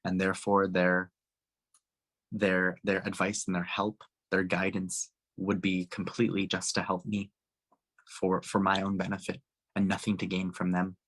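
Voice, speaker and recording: A man's voice: deep voice, monotone, normal speed, a bit bright. A man speaking earnestly at a town hall, telling a personal story with frequent restarts and fillers. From Canada.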